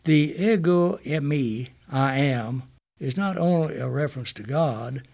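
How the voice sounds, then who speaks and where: A man reading a Bible study text aloud in a measured, deliberate way, pausing to cite chapter and verse. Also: medium pitch, creaky, darkish tone.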